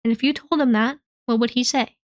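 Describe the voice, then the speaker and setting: A calm, caring young woman friend , voiced by a woman reading the story, soothing and steady. The voice sits a little high and sounds dry, as if the mic is close. It is a storybook reading. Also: fairly quick, no echo, close to an everyday voice. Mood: calm, coaxing. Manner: gentle, steady, reassuring.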